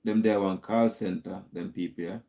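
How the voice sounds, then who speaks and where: A man's voice: low voice, steady tone, moderate pace, creaky, mellow. A man hosting a call-in stream, musing aloud in a casual, hedging, teasing monologue.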